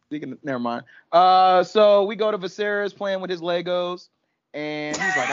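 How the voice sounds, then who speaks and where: A man co-hosting a casual podcast chat, joking crudely and retelling scenes with lively energy. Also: sits high, moderate pace, clear, resonant tone, no room sound. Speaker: podcast co-host. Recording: dry, slightly muffled audio.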